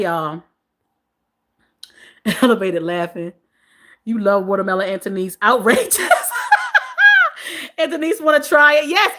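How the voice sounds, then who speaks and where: A woman's voice: high voice, pushed and bright. A woman in her forties hosting a casual livestream, reading viewers' comments aloud, laughing often and repeating their names. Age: 40s. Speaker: livestream host.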